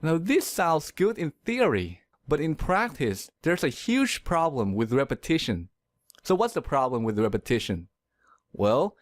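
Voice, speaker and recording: A man teaches pronunciation in a scripted video lesson, his voice sitting a little high and moving up and down a lot. He explains clearly and at a measured rate, stressing key words. The sound is dry and close. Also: no room sound.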